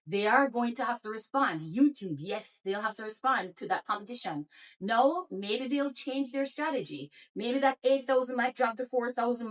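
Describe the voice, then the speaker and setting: A woman's voice: on the high side, far from the mic. A woman with a Jamaican accent, a YouTube creator and therapist, talking in a casual motivational vlog and encouraging viewers with many rhetorical questions.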